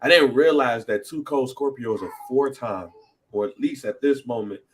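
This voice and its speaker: A man co-hosting a casual podcast, joking and laughing as he talks. His voice keeps jumping up into high, animated bursts, and he sits at an everyday middle pitch. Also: moderate pace, slight background noise. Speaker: podcast co-host.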